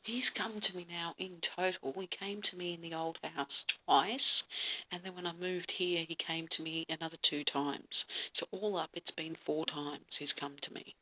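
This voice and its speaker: A woman's voice: lowish voice, steady tone, normal speed, sharp tone. A woman telling a dream story in a dramatic, casual way, often dropping to a whisper and swearing freely.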